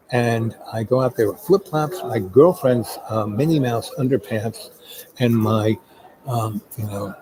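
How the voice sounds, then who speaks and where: A man's voice: medium pitch, rough recording. Rambling middle-aged man telling a story. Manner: rambling, full of "um" and "you know". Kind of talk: casual spoken anecdote. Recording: crowd chatter in the background.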